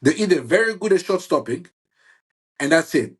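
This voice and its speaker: Husky-voiced man chatting about football. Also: on the high side, animated. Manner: halting, many restarts, says "bro" and "you see what I'm saying". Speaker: football fan guest. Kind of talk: casual football chat.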